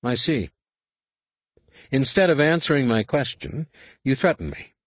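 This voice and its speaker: A man's voice: medium pitch, sing-song, unhurried, dry recording, pitched above the performer's own voice. A man voicing a scheming male alien politician who speaks in a condescending, clipped and threatening way. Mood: smug, cold.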